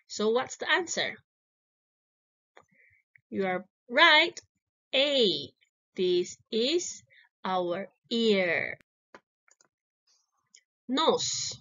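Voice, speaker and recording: This muffled recording captures a woman with a fairly high, bright, forceful voice leading little children through easy English. Each word gets repeated, answers get praised, and her encouraging delivery draws words out and doubles them.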